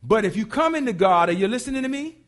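A high-pitched man preaches with lively, playful energy, slipping into little acted-out voices for the people in his stories. His delivery is colloquial and humorous, with quick asides to his listeners. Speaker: pastor. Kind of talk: sermon.

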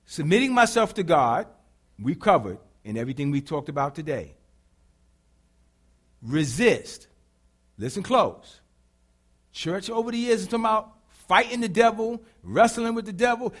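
Animated man preaching with lively pitch. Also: moderate pace. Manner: animated call-and-response preaching, bursts into shouts. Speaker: pastor. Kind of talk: sermon.

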